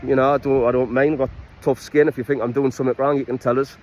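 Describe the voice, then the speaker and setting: Geordie man, mid-pitched, easygoing outdoors instructor, chatty and unpolished, phone-recorded. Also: fast talker, muffled recording. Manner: relaxed, with frequent ums and restarts. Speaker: falconry and bushcraft instructor. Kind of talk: casual vlog introduction. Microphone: iPhone.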